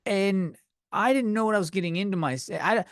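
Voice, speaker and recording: Young male podcast host, slightly high-pitched, rambling profane rant, dry close-mic sound. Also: a little fast, no room sound. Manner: rambling, profane, self-deprecating. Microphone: desk microphone.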